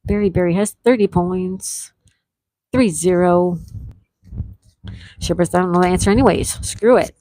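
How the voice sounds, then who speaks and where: A woman's voice: fairly low pitch, a little slow, long pauses, mellow, rough recording. A woman hosting a casual live-stream trivia game, reading each question twice and greeting players by name.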